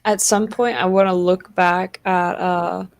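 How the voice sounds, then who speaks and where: A woman's voice: lowish voice, flat delivery, measured pace, gravelly. A woman chatting playfully as a tabletop player, often laughing. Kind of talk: casual game chat.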